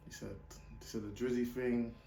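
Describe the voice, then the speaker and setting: A British man hosting a reaction video, chatting casually and pausing a rap track to comment on it. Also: medium pitch, level tone, gravelly, mellow, slight background noise.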